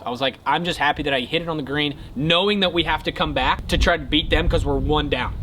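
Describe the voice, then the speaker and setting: Fast-talking young man telling a story. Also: on the high side, slight background noise. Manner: excitable retelling, quieter and earnest when talking faith. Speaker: golf content creator. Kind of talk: casual storytelling to camera.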